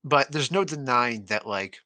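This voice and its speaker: Young guy on a movie podcast, really bright voice, bounces all over, dry close mic. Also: mid-range voice, a little slow, no echo. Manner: animated, laughs often, jokey. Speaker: podcast co-host. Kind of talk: casual film podcast chat.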